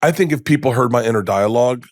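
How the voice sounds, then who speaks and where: A man in his fifties spins a casual, animated story as a podcast guest, acting out the voices and swearing freely. His voice sits at an ordinary pitch, and the close studio mic keeps it dry. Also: fast talker, no room sound. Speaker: guest, comedian.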